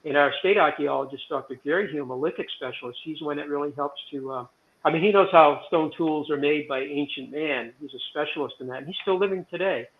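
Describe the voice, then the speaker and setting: A man's voice: fairly high pitch, fast talker. A man in his sixties, a guest on an interview, telling stories in a rambling, digressive way full of fillers and restarts. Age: 60s. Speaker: guest, president of a historic stone site. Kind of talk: casual interview storytelling. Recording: tinny phone-like remote line.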